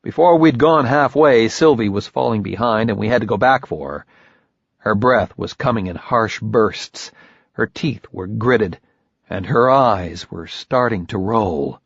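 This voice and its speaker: A man narrates a first-person audiobook in a slow, measured, grim manner at a middling pitch. The recording is dry and close, with a dull lo-fi tone. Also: gravelly, breathy edge, no room sound.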